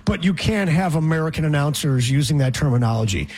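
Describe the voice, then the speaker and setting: A man's voice: a little high, lively intonation, quick pace, a little mellow, husky. A man hosting casual sports talk, sardonic and ranting.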